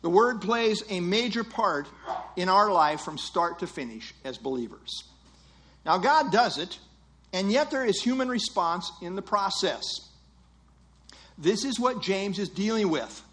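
Male preacher, higher-pitched, emphatic sermon delivery. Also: animated, measured pace, a bit bright. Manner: earnest, emphatic teaching with rhetorical quotes.

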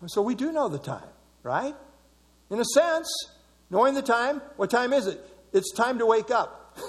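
A man's voice: sits high, sing-song, normal speed, in a large hall. A man preaching a sermon in a conversational way, repeating phrases for emphasis. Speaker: pastor.

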